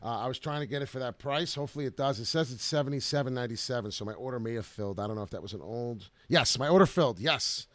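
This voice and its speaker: A man's voice: mid-range voice, quick pace, hardly any pauses, a bit bright, dry recording. Brash hyped crypto trading guy, dry mic. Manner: hyped, brash, talks over charts while trading live. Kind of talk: live market commentary to viewers.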